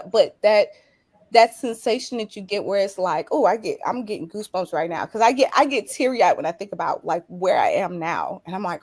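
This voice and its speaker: A woman's voice: medium pitch, expressive, moderate pace, dry recording. A woman guest talking in a passionate, motivational way about her own journey, voice rising with emotion. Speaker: guest, business coach. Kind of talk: casual interview chat.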